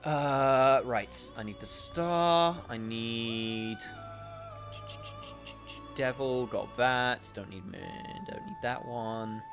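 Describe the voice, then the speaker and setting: A man's voice: mid-range voice, wildly swooping pitch, very slow, over music. A man streaming a game, chatting casually and thinking aloud as he plays. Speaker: gaming streamer. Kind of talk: casual live-stream commentary.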